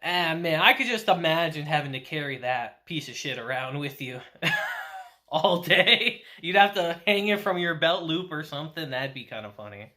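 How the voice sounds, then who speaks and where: A man's voice: fairly high pitch, lively intonation, normal speed, sharp tone. A young man casually recapping and reviewing an anime episode, chatty and laughing often.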